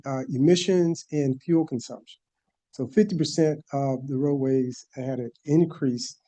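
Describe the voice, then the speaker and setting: A man's voice: mid-range voice, mellow. A man giving a formal presentation to a planning board and walking through slides one by one. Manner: methodical, explaining slide by slide. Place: board meeting room.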